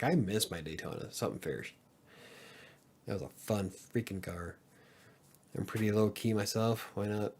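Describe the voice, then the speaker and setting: Rambling, cursing podcast host. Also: male voice, fairly low pitch, husky. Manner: rambling, swears freely, chuckles often. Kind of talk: casual livestream chat.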